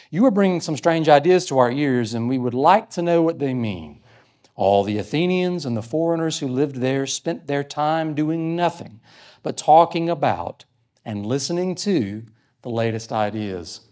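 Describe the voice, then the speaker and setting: A man's voice: medium pitch, a little mellow. A man preaching a sermon, earnestly explaining a scripture passage and reading verses aloud. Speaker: pastor. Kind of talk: sermon teaching.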